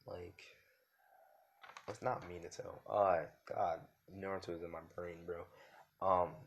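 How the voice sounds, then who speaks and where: Deep-voiced young man rambling casually. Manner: rambling, loose slangy talk full of fillers. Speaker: YouTuber. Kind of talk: improvised fan-fiction storytelling.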